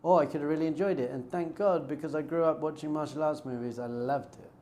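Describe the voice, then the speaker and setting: Talking quickly in a warm, somewhat high voice, a rabbi gives an informal class. He's conversational, telling stories and acting out pieces of dialogue.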